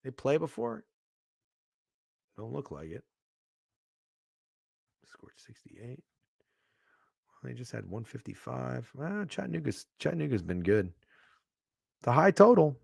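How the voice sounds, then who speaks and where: A man hosting a sports betting show, talking casually, swearing freely and swinging from hushed asides to loud bursts. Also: mid-range voice, sing-song, measured pace, vocal fry, long pauses, husky, dry recording, studio quality. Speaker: sports betting podcast host.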